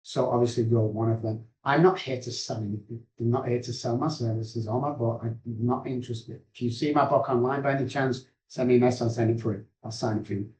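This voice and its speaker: A man's voice: mid-range voice, fairly even intonation, fast talker, hardly any pauses, a little mellow. A man, an addiction specialist earnestly telling his life story in rambling, heartfelt sentences. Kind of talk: emotional personal storytelling. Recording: roomy echo.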